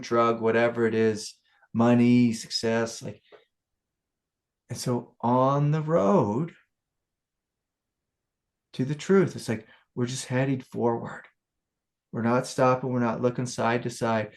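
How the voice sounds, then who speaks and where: A man's voice: mid-range voice, creaky. Man giving a casual spiritual talk. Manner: casual storytelling, animated. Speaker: spiritual teacher. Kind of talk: satsang talk.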